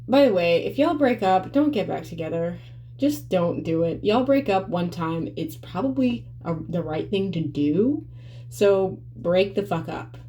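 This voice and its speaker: A woman's voice: lowish voice, lively intonation, a little slow, warm tone, slight background noise. A young woman telling a personal story to her viewers in a blunt, profane, conversational way. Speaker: vlogger. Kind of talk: candid storytelling vlog.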